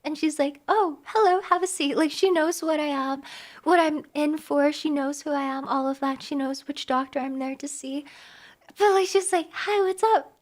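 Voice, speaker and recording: A young woman streamer chatting casually with her viewers, giggly and animated, with lots of quick restarts. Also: high-pitched. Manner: giggly, animated, talks fast with many restarts. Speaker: live streamer.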